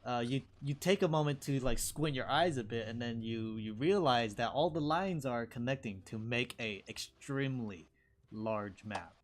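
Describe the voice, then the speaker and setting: A man narrating a tabletop game as dungeon master in a relaxed, chatty way. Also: mid-range voice, normal speed.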